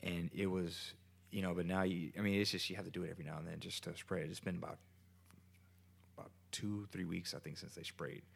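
A man with a low, gravelly voice tells a story in a loose, rambling way, swearing freely and stumbling over his own restarts. He talks casually from his kitchen at home. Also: steady tone, brisk. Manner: profane, rambling, many restarts.

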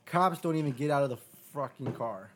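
A man telling a story on a podcast, swearing freely and throwing himself into the quoted lines of other people. His voice sits at an ordinary middle pitch, and he stumbles and restarts as he builds up to the next bit. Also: brisk, slight background noise. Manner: profane, animated retelling with quoted dialogue. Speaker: podcast guest. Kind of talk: casual storytelling.

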